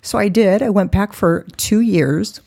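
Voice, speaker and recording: A woman's voice: mid-range voice, measured pace, vocal fry, warm tone. A woman in her forties, a podcast guest, telling her story bluntly and candidly, mocking herself and laughing often.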